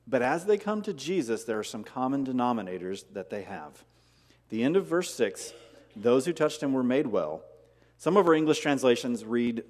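A man's voice: mid-range voice, a little mellow, big-room sound. A man preaching a sermon as pastor, asking rhetorical questions and repeating key words for emphasis. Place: church sanctuary.

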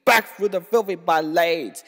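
A high-voiced man reads a poem aloud with unhurried, dramatic weight. His delivery sinks to near-whispered sorrow and climbs to raised, accusing cries. A long reverb trails each phrase. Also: soft background music. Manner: swings between hushed grief and raised, bitter outcry. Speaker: poetry reader. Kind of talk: dramatic poetry recitation.

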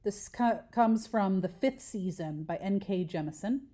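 A woman's voice: mid-range voice, unhurried, dark tone. Patient woman teacher explaining step by step. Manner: patient step-by-step explaining, asks and answers her own questions. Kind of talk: recorded online lesson.

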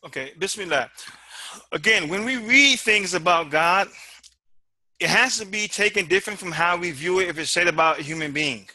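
A man's voice: high-pitched, expressive, normal speed, bright, forceful tone, no room sound, clean studio sound. A man giving a timed debate rebuttal, emphatic and full of rhetorical questions, often repeating words as he presses his point.

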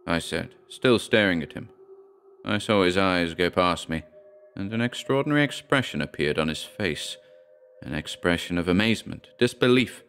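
A man giving a measured, dramatic reading of a horror story. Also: low-pitched, lively intonation, a bit bright, smooth, soft background music. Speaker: audiobook narrator. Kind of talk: scripted horror narration.

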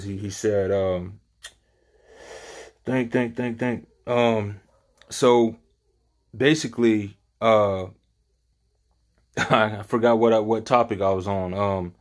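Earnest, rambling man leading Bible study. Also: lowish voice. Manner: earnest, rambling, searching for words. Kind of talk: informal Bible study talk.

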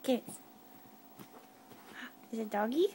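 High, lively mom coaxing her toddler. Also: slow pace, a little hiss or hum. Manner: coaxing, sing-song talk to a small child. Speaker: parent filming her toddler. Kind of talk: casual home video. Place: home, by a couch. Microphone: handheld camera.

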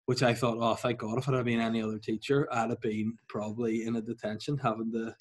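A young man with a husky, slightly breathy voice, telling a story in an easy chat. He talks in an animated way, laughing and acting out other people's voices. He sits at a middle pitch for a man. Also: fast talker. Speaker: podcast co-host.

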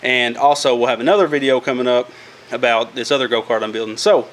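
A man's voice: mid-range voice, steady tone, fast. A man hosting a casual do-it-yourself workshop vlog, talking in a rambling, folksy way with loose grammar. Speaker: DIY go-kart vlogger.

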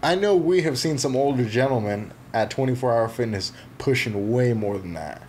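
A man's voice: mid-range voice, lively intonation, normal speed, darkish tone, a little hiss or hum. A man co-hosting a podcast in casual chat, cracking jokes and teasing his partner. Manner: joking, teasing banter. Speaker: podcast co-host.

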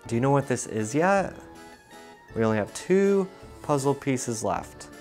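A man's voice: medium pitch, big pitch swings, measured pace, darkish tone, faint music behind. A man teaching toddlers a puzzle and simple sums, patient and encouraging, asking questions as he goes. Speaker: children's educator.

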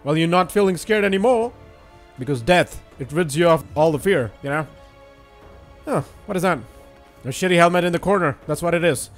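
A young man giving casual, excitable let's-play commentary while he plays, swearing and joking. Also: fairly high pitch, brisk, faint music behind. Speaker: gaming YouTuber.

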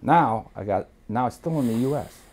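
A man's voice: mid-range voice, normal speed. A middle-aged man from Miami telling a story as an interview guest, profane and streetwise, acting out the voices in it. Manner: profane, streetwise, animated re-enactments. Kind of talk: casual storytelling.

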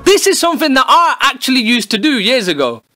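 A man's voice: very high voice, sing-song, brisk, bright, forceful tone, soft background music. A young man, delivering a cheeky, sweary comedy monologue to camera. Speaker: comedy YouTuber.

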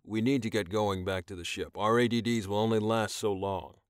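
A man narrating an audiobook, voicing a gruff alien shifter leader who gives curt, firm orders. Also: lowish voice, fairly even intonation, normal speed, no room sound, clean studio sound, close to an everyday voice. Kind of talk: audiobook character voice.

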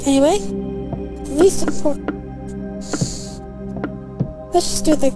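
A woman's voice: sits high, moderate pace, music in the background. A young woman giving casual, chatty let's play commentary, fretting as she talks over the game.

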